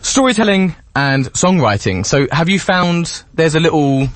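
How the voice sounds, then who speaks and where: A man hosting a radio chat, talking in an animated, rambling way and laughing a lot. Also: a little high, normal speed, no echo. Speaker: radio presenter. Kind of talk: casual interview chat. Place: radio studio.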